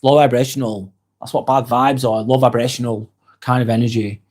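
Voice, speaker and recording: A British man hosting a live stream, reading viewer comments aloud and answering them in a soft, sympathetic way with light laughs. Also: mid-range voice, level tone, brisk.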